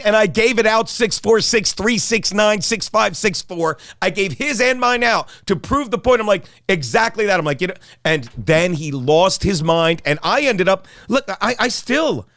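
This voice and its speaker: A man with a high voice co-hosts a podcast and tells a long, rambling story full of profanity. He has a casual, meandering way of talking. The sound is dry and close, with no room echo. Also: lively intonation, normal speed, hardly any pauses, a bit bright. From South Jersey, United States. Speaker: podcast co-host and comedian. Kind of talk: casual chat.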